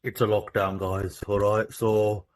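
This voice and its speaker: An actor playing a brash, swaggering pirate-radio MC who makes loud mock announcements. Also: male voice, lowish voice, level tone, unhurried, recorded from a distance, lightly acted. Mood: mock-serious.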